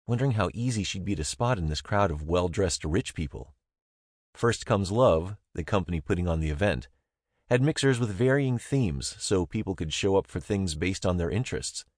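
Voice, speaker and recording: A man's voice: sits low, lively intonation, normal speed, darkish tone, no room sound, clean studio sound. A young man reading a first-person novel aloud in a wry, easygoing way. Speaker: narrator. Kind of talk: first-person audiobook narration.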